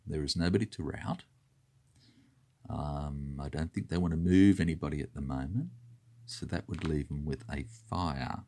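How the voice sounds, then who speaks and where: A man talks through his turn in a tabletop wargame, methodically counting dice and spaces out loud. His voice is extremely low and darkish in tone, at a moderate pace.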